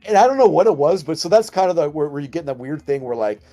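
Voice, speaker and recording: A man from Southern California with a Californian accent, telling animated stories full of fillers as a guest in a casual chat. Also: on the high side, rapid-fire, soft background music.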